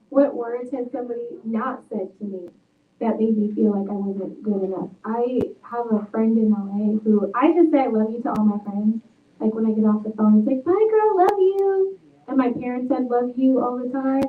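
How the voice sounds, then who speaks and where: Earnest woman author, tinny and echoey. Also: fairly high pitch. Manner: earnest, reflective storytelling. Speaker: author and guest speaker. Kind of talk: book talk discussion. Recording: tinny, echoey, far from mic.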